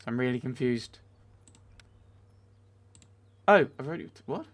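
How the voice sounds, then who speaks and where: A man talks through a video game session as he plays. He chats back at the characters on screen and is quickly exasperated when things go wrong, his voice sitting at a middle pitch. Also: lively intonation. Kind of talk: let's play commentary.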